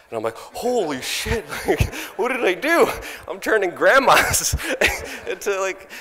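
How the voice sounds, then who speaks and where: A young man on stage, animatedly telling a story and loudly acting out his own past lines, with laughs in between. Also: on the low side. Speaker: speaker at a conference. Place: large conference hall. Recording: long hall reverb.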